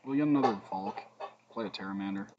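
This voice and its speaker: A man's voice: lowish voice, fast, highs cut off, noisy background. A man streaming a card game, thinking aloud between plays, humming and muttering, with joking asides to his chat. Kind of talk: casual gameplay commentary.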